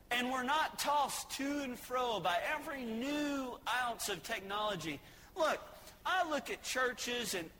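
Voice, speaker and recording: A male pastor preaching in a church with a long reverb trailing each phrase and a faint hiss behind. His voice sits high and bright, and he mixes plain teaching with homespun, joking stories. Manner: folksy, joking storytelling between points. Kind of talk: sermon. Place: church sanctuary.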